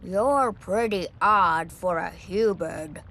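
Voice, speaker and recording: A woman voicing a huge, sick, grumpy male dragon who boasts in a slow, deep, nasal voice in a storybook. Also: a bit bright, a little hiss or hum. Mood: stuffy. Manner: pompous, grumbling. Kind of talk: storybook character voice.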